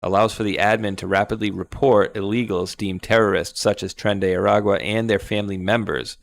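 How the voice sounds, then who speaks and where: Low raspy-ish guy hosting a chill stream, reads stuff out, laughs a lot. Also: fairly even intonation, brisk. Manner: laid-back, laughs often. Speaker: show host. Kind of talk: casual chat, reading posts aloud.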